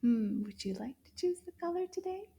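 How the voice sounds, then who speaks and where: Slightly high-voiced woman, kids' French teacher, slow and warm, exaggerated delight. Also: big pitch swings, creaky. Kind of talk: children's language lesson.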